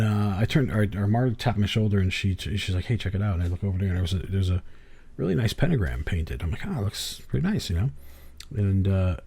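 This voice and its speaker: Man from the US East Coast, middle-aged, deep mellow voice, podcast host with loose, profane storytelling. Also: husky. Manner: rambling storyteller, swears, laughs often. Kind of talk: casual chat.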